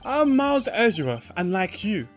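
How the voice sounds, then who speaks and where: A proper, self-assured male prosecutor, put on by a man playing a game, speaks in a lifted, measured voice. Every word is formal and controlled. Faint music sits behind. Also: high voice, very animated, pitched above the performer's own voice. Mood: composed.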